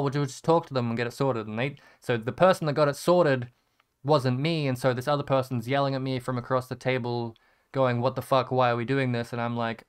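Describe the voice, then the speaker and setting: A young man talks through a rough day in a candid vlog, his voice smooth and clear at a middling pitch. He rambles and stops to restart often, drops casual swears, and lets phrases trail off quietly. He sounds emotional, like he cried not long ago. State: emotional after crying. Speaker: vlogger.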